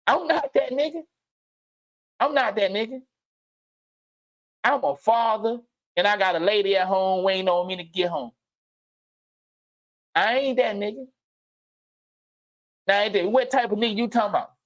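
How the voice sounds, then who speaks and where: A man hosting a livestream and giving an unscripted motivational monologue, blunt and profane, repeating phrases and swinging from low murmurs to loud outbursts. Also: normal speed, pauses often. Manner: blunt, preachy, profane street slang. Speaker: livestream host. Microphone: streaming mic.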